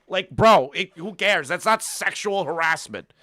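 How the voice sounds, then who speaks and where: A man's voice: high voice, animated, measured pace, pushed and bright, no echo, studio quality. A man streaming live, reacting to a call with crude, mocking commentary and frequent laughter. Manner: profane, mocking, laughs often.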